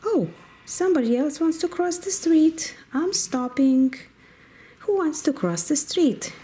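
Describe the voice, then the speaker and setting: A woman's voice: high voice, animated, a little slow, warm tone. A woman playfully narrating a children's toy car game in a sing-song way, making car and animal noises.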